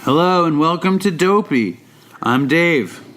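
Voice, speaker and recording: A man's voice: on the high side, animated, measured pace, loud music behind the voice. A man co-hosting a casual podcast, telling rambling, nervous stories and acting out other people's voices. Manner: nervous, rambling storyteller who acts out voices. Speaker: podcast co-host. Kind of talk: casual chat with comic impressions.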